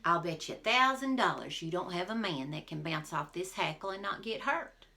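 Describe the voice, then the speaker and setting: A woman's voice: fairly low pitch, animated, moderate pace, vocal fry, pushed and bright, heavily acted. A woman voicing a scheming old witch who keeps making bets, in a storybook read-aloud. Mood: challenging.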